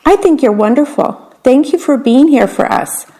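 A woman reading aloud, voicing a sweet little schoolgirl in a high, gentle voice. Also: animated, moderate pace, poor audio. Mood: tender.

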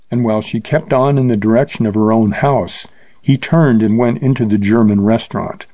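A man narrating an old Western story in a steady, measured audiobook style. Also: medium pitch, dry recording. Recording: slightly dull lo-fi recording.

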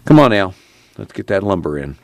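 Seorang pria memerankan ayah petani yang lelah dan praktis, berbicara dengan dialek pedesaan. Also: male voice, sits low, big pitch swings, brisk, vocal fry, darkish tone, dry recording, heavily acted. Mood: tired. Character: weary practical farming father.

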